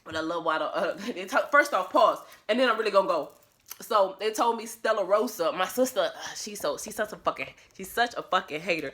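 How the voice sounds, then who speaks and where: A woman's voice: fairly low pitch, a little fast, a bit bright. A woman talking to her phone camera at home in a casual vlog, blunt, profane and emphatic, laughing often. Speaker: vlogger.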